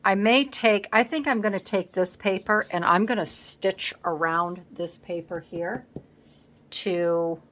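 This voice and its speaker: A woman's voice: medium pitch, a little slow, fairly bright tone, a little hiss or hum. A woman talking casually at her craft table at home, thinking aloud as she works, recorded by a camera set on the table. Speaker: scrapbooking vlogger. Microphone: camera set up on the work table.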